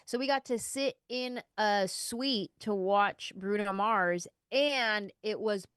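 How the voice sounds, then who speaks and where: A woman podcast host chats in the studio and tells her stories with animated, slangy energy. Her voice sits at a middle pitch and sounds close and dry, with no room echo. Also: takes it slowly, smooth. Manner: animated storyteller with casual slang. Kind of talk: casual podcast chat.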